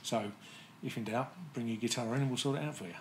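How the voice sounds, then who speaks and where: A man's voice: medium pitch, quick pace, noisy background. A man working as a guitar technician, explaining intonation fixes in a plain, methodical way with frequent fillers. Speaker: guitar tech.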